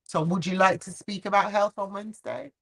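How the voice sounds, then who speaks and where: A woman's voice: medium pitch, steady tone, a little fast, gravelly, a bit bright, slightly rough. A woman co-hosting a casual live stream chat, speaking frankly and earnestly and laughing easily. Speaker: co-host.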